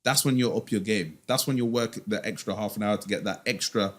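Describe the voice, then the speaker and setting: Man, lowish voice, emphatic, slangy, rhetorical questions, podcast guest. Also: brisk. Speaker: guest, finance expert. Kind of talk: casual podcast interview.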